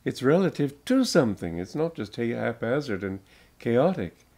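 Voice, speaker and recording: A man's voice: medium pitch, very animated, darkish tone. An older American man, a spiritual teacher, giving an informal talk to an audience, telling stories and laughing often as he goes. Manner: slow, chuckling storyteller.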